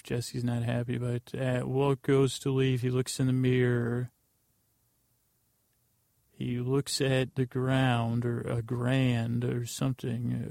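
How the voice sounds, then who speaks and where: A man with a heavily gravelly, creaky voice talks through a recap of an episode. His pitch barely moves, so he sounds like an even drone. He rambles offhand and often corrects himself mid-sentence, and his voice sits close and dry on the mic. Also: no room sound. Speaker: podcast host.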